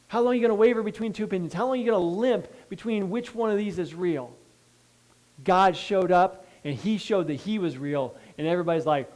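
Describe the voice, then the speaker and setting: A male pastor preaching a sermon, reading scripture and breaking in with asides, moving between hushed pleading and loud emphasis. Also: high voice, a little fast, low-quality recording. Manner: reads scripture then breaks in with asides and checks like "okay?".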